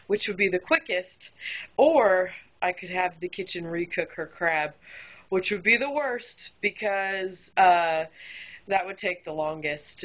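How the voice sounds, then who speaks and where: A woman's voice: on the low side, fairly bright tone. A woman who works as a restaurant server tells a story about a difficult customer in a candid, exasperated way, with lots of fillers. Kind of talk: casual storytelling vlog. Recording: dull lo-fi home recording.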